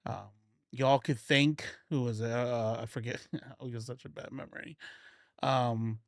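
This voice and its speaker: A man's voice: mid-range voice, fairly even intonation, measured pace, no echo. Guy streaming, rambly and jokey, fake southern twang, mid voice, dry close mic. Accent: Southern US (put on). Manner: rambling and joking, frequent restarts and laughs, doing a put-on country accent. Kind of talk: casual live-stream chat.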